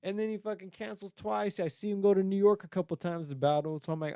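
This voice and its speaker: A young man on a podcast, heated and mocking, swearing nonstop as he rants. His voice sits a little high and comes through smooth and clear. The close mic sounds dry, with no room around it. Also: fairly even intonation, quick pace, mellow, no room sound. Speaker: podcast host and battle rapper. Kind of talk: profane, ranting podcast talk.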